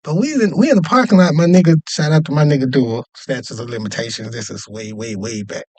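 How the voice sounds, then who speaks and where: A man telling a story in a casual, animated and profane way, often checking in with "you know what I mean". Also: medium pitch, fast, no echo. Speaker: podcast host telling a story.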